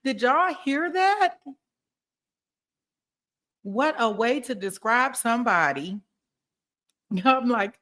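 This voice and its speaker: A woman's voice: a little high, very animated, takes it slowly, pauses often, a bit bright. A woman commenting casually on trial footage, talking straight to her viewers in a disbelieving way.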